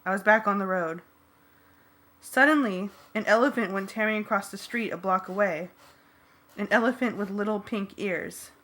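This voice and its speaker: Woman, audiobook narrator, bright tone, wry, lively first-person reading. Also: mid-range voice, normal speed. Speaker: audiobook reader.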